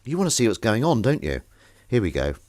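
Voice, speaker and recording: A man's voice: on the low side, wildly swooping pitch, a little fast, darkish tone, slight background noise. Jokey rambling man washing up. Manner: rambling, jokey, self-mocking, swears. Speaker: host doing the washing up on a live stream. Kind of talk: casual chat while washing up.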